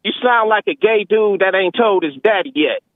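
A man from Detroit calling in, his voice pitched high and squeezed through a thin phone line. He mocks the other caller and laughs at his own jabs. The audio is dry and phone-like. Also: normal speed, no room sound. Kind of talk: heated phone-in argument.

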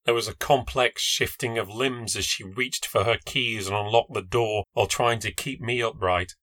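A man's voice: lowish voice, fairly even intonation, normal speed, few pauses, pushed and bright, no echo. A man narrating a first-person ghost story with a tense, dramatic delivery. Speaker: podcast narrator.

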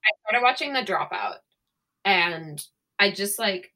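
A woman's voice: mid-range voice, animated, unhurried, sharp tone. A woman co-hosting a podcast, telling rambling, chatty stories in casual conversation. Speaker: podcast co-host. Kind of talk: casual chat.

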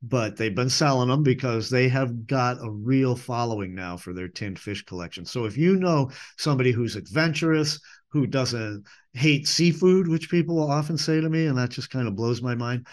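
A man hosts a podcast in a loose, chatty monologue, with a voice of ordinary middle pitch. He rambles from point to point, often correcting himself and stopping on "uh" and "um" as he goes. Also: moderate pace. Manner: rambling, chatty, self-correcting with many fillers. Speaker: podcast host.

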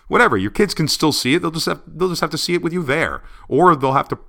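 A man co-hosting a podcast, chatting casually and giving his opinions in a rambling, animated way. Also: fairly high pitch, fast, gravelly, few pauses. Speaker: podcast co-host.

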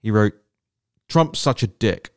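A man's voice: lowish voice, animated, slow pace, vocal fry, a little mellow, no echo, studio quality. A man hosting a solo political commentary podcast, talking in an indignant, emphatic way and repeating words for stress.

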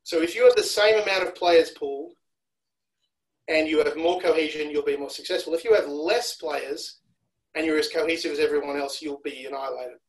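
A man's voice: fairly high pitch, fairly quick, poor audio. A man from Australia talking as a rugby analyst guest on a podcast, explaining at length and repeating words as he restarts. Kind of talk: casual podcast chat.

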